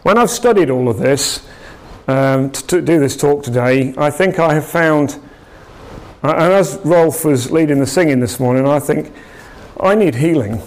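Lay preacher, male, casual and meandering delivery, voice a touch higher than usual. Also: moderate pace. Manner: conversational, rambling, with frequent restarts and asides. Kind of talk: informal sermon.

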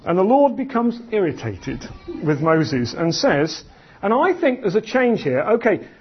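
A man preaching a sermon in an animated, conversational storytelling manner. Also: high-pitched, a little slow, a little hiss or hum. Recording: dull lo-fi sound.

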